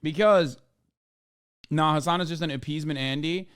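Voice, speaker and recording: A man's voice: a little high, normal speed, smooth. A man, giving profane, sarcastic live-stream commentary while reacting to a video. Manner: profane, sarcastic, swings loud when mocking.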